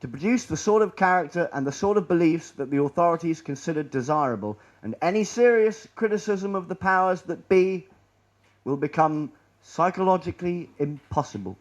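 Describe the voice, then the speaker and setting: A man's voice: fairly high pitch, expressive, a little fast, dull audio. Rambling sarcastic man lecturing. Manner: rambling, sarcastic, full of restarts. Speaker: conspiracy lecturer. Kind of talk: rambling talk with slides.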